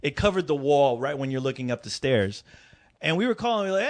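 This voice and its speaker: A man co-hosting a podcast, talking fast and casual. His voice sits high and swings widely as he laughs through the story and jumps into squeaky voices for the people he quotes. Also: animated. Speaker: podcast co-host.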